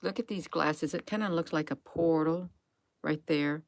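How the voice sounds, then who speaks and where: A tired woman rambling through conspiracy commentary over images, hesitant and full of restarts, sometimes dropping to a hush and then rising in emphatic bursts. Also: sits low, steady tone, a little slow, no echo. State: tired, drained.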